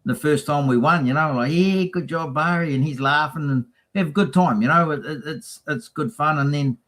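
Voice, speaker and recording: A man's voice: fairly high pitch, a little fast, fairly bright tone, low-quality recording. Chatty man telling racing stories. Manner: chatty storyteller, acts out quotes. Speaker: racing team guest. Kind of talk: casual chat.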